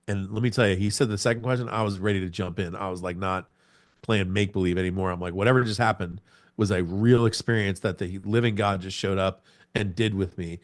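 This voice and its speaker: A man in his forties sharing a personal testimony on a podcast. His voice sits on the low side, and he tells it like a storyteller, acting out moments with sound words. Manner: animated storyteller, acts out scenes with sound words. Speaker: podcast guest.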